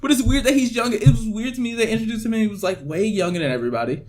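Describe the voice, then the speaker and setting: A man's voice: high voice, racing, darkish tone. A man co-hosting a casual podcast, ranting about movies with lots of fillers. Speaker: podcast co-host.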